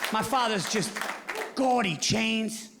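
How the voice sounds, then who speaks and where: High-voiced male comedian, live crowd. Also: slow, creaky. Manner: animated, acts out his father with a loud Italian-American voice. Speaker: stand-up comedian. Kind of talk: stand-up comedy. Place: comedy stage before a live audience. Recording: live show with audience laughter and noise. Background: audience laughing.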